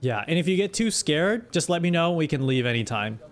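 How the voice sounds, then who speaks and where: A man hosting a live stream, chatting casually in role-play and telling his companion to keep quiet. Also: on the high side, sing-song, brisk. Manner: laid-back, mildly exasperated, hushed scolding. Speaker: streamer host.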